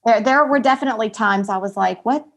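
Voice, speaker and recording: A woman in her forties, a podcast guest chatting casually and acting out family conversations with lively energy. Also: on the high side, quick pace, creaky. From American South. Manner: animated storyteller, acts out family dialogue loudly. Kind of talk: casual chat.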